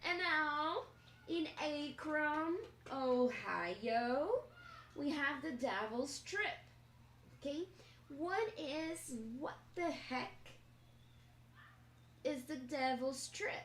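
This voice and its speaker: Lady teaching english live, slow and explainy, kinda high voice, echoey room. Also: expressive, a bit bright. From Brazil. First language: Portuguese. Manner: slow, explanatory, checks in with "okay?". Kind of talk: live-stream language lesson. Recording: echoey room, faint noise.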